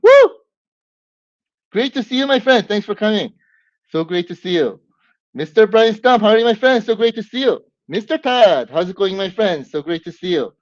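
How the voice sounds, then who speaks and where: A man hosting a live stream, whooping and greeting viewers by name with lots of excitement. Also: high voice, a little fast, dry recording. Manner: hyped, whooping, warm greetings to chat. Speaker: livestream host. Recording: dull lo-fi stream audio.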